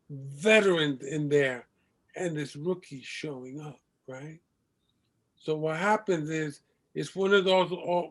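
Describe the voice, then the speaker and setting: Slow-talking man telling an audition story. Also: a little high. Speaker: actor. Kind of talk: anecdote told to an audience.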